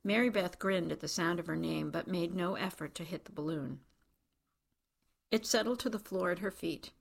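Woman narrating audiobook, low voice, kinda gravelly, dry wry delivery. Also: normal speed.

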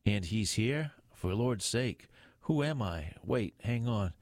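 A man's voice: fairly low pitch, expressive, takes it slowly, darkish tone, dry recording, studio quality, heavily acted. A man voicing a weary, grumpy middle-aged male police inspector who grumbles irritably. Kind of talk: audiobook character voice.

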